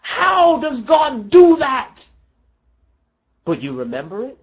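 An unhurried preacher pours out an emotional sermon, pitch rising and falling widely from line to line. Rhetorical questions pile up, and the voice sinks low and soft at the tender points, heard on a slightly dull, lo-fi recording. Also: wildly swooping pitch.

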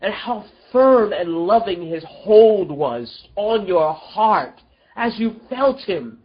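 Slow, pleading preacher with lively pitch. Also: dull audio. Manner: emotional, pleading, full of rhetorical questions. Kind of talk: sermon.

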